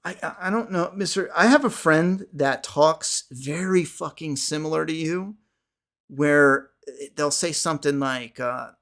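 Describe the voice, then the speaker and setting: A man's voice: on the high side, a little slow, fairly bright tone. A man hosting a podcast livestream, chatting casually with viewers, rambling with frequent restarts and casual swearing. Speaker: podcast host.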